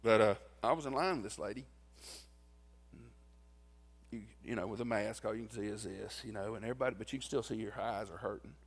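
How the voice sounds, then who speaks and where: A man's voice: lowish voice, brisk, long pauses. Man giving a folksy eulogy in a reverberant church. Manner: folksy, tells stories and acts out quoted lines. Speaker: eulogist at his wife's funeral. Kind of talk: funeral eulogy, folksy storytelling. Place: church sanctuary.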